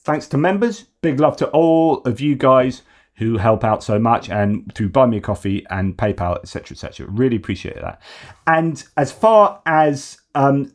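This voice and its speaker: A man from the United Kingdom hosts a casual news commentary show with an expressive, medium-pitched voice at a moderate pace. He talks loosely and adds mocking, sarcastic asides.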